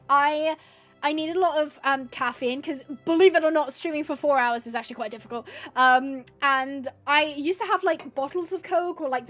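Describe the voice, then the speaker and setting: A woman's voice: high-pitched, fairly bright tone. A woman hosting a gaming livestream from home, chatting casually and bubbly with her viewers as she reads the chat. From United Kingdom.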